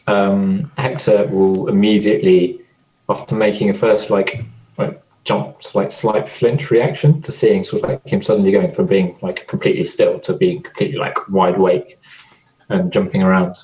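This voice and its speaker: A man's voice: sits low, level tone, moderate pace, a little mellow, roomy sound. A man playing a tabletop game, speaking in character in a hesitant, reassuring way. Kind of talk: casual in-character play. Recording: dull lo-fi audio.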